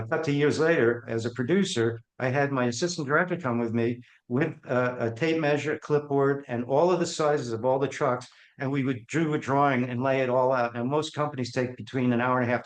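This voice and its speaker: A man's voice: medium pitch, brisk, few pauses. A man, a podcast guest, telling stories from his career and acting out the voices of people in them. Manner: animated, acts out the voices in his anecdotes. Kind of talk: storytelling in an interview. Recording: echoey room.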